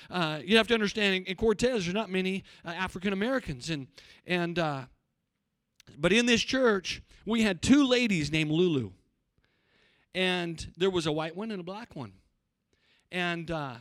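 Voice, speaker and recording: A high-pitched middle-aged man preaching a sermon from the pulpit. He mixes folksy, plainspoken storytelling with fervent calls to repentance. The sound is dry and close, with no room echo. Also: fairly bright tone. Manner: preaching with rising fervor, folksy storytelling asides. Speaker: pastor.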